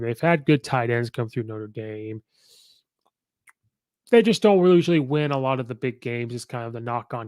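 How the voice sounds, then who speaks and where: A man's voice: mid-range voice, clear, resonant tone, dry recording, clean studio sound. A man hosting a podcast, giving casual, opinionated sports commentary and rattling off records with many fillers. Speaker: podcast host.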